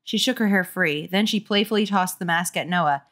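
A woman's voice: fairly low pitch, moderate pace, a bit bright. Tipsy woman reading with wry asides. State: tipsy from drinking. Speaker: host reading a children's horror book. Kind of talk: comic book reading.

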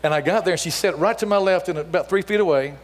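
Middle-aged preacher in a reverberant church. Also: male voice, high-pitched, quick pace. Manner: animated storyteller who acts out dialogue, then softens to a hushed appeal. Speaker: guest speaker. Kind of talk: storytelling sermon. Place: church sanctuary. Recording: long hall reverb in a church.

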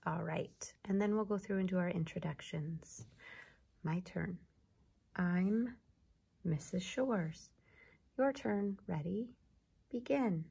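A woman's voice: lowish voice, takes it slowly, creaky, long pauses, mellow, husky. A woman teacher leading an early reading lesson, patient and sounding out words step by step.

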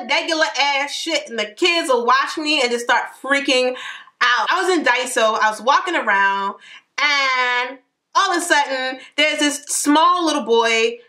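Bright, high-voiced sassy woman. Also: expressive, unhurried. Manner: sassy, slangy and playful; emphatic, with laughing asides. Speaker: vlogger. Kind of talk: casual storytelling to camera.

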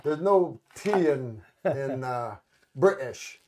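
A man's voice: fairly high pitch, normal speed, a crowd in the background. A man from the United States hosting a casual chat, telling stories animatedly with frequent restarts. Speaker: podcast host.

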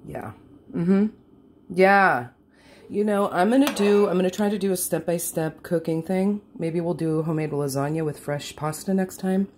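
A woman's voice: lowish voice, normal speed, a little mellow, slight background noise. A woman from California filming a casual home cooking vlog in her kitchen, rambling, self-mocking and swearing constantly, a little wheezy. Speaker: home cook vlogger.

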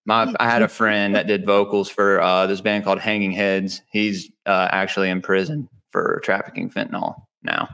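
A man's voice: lowish voice, animated, normal speed, vocal fry, few pauses, bright, forceful tone, smooth. A man from Mississippi, chatting as a podcast guest in a slangy style, full of "dude" and "bro". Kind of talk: casual podcast chat.

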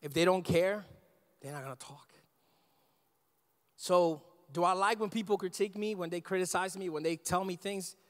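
High-voiced preaching man in a reverberant church. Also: moderate pace, long pauses. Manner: animated, conversational preaching with questions to the congregation. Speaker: pastor. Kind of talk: sermon. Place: church sanctuary.

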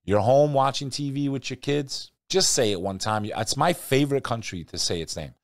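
A man hosting a podcast, talking casually and animatedly, swinging between loud rants and quiet asides. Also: mid-range voice, normal speed, dry recording, clean studio sound. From Albanian family. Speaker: podcast host. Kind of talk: casual talk-show commentary.

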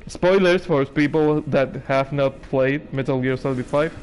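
A man's voice: mid-range voice, a little slow, a little mellow, clean tone. A man giving sarcastic, nervous commentary while playing a horror game, swearing and laughing when scared. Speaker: gaming streamer. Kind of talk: let's play commentary.

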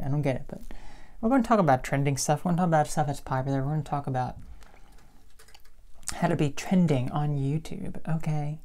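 Young woman YouTuber with a low, calm voice; thoughtful casual chat to camera. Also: fast talker. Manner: calm, even-toned and reflective. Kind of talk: casual talking-to-camera vlog.

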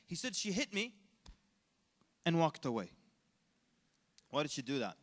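A man preaching at a convention, telling funny stories and putting on quick mock voices. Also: on the high side. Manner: animated storyteller, jokes and mock voices, laughs. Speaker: Islamic preacher. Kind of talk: lively convention talk with acted quotes. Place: large convention hall. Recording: long hall reverb.

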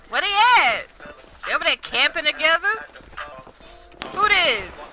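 A young woman streams gameplay with casual commentary, trash-talking loudly and playfully amid bursts of laughter. Her high voice is very animated, yet she keeps a measured pace with long pauses. Game gunfire and music play underneath.

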